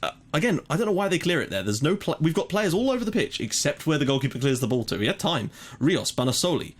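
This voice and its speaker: Fast-talking man commentating a football game. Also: a little high, very animated. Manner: chatty, mock match commentary with frequent fillers. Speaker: gaming YouTuber. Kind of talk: casual let's-play commentary.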